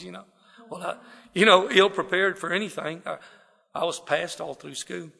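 A man from South Texas with a Southern drawl tells his life story as personal testimony to an audience gathered in a wooden building, rambling folksily with plenty of fillers. His voice sits high, with fairly even intonation, normal speed, vocal fry and a sharp tone. The room leaves a long reverb tail.

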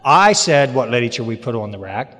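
A man's voice: medium pitch, sing-song, brisk, fairly bright tone, faint music behind. A man telling a humorous, plainspoken story about his recovery in a meeting hall. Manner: plainspoken, humorous, emphatic retelling. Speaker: speaker sharing recovery story. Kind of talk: folksy storytelling talk. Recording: long hall reverb.

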